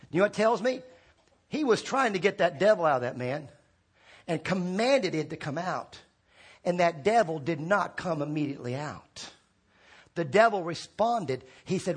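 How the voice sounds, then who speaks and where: A man preaching a sermon as pastor, rallying the congregation with call-and-response prompts and swinging between shouted peaks and quiet drops. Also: sits high, lively intonation, normal speed, husky.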